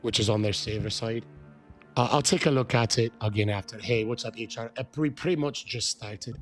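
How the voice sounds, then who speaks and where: A man live-streaming a game, chatting with viewers, shouting excited greetings and swearing. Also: mid-range voice, fairly quick, soft background music. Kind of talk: live-stream chat while gaming.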